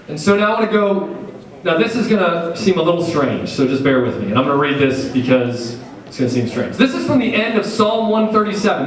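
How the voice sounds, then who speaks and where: A man in his thirties giving an animated, jokey sermon, acting out what people say. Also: high-pitched. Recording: echoey hall, far from the mic.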